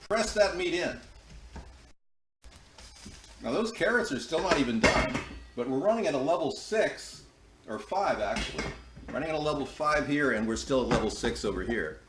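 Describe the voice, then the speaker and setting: A man in his fifties hosting a home cooking show, chatting and rambling with folksy asides as he cooks in his kitchen on a close-up mic. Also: a little high. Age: 50s. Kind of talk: casual cooking demonstration. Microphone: close-up wired mic. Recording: noisy recording.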